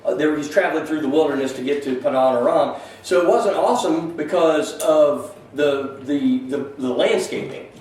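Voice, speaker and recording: A man's voice: on the high side, moderate pace, few pauses, a little mellow. A man teaching a conversational Bible class in a church classroom, thinking aloud and putting questions to the class. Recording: very echoey room, mic far off, faint hiss.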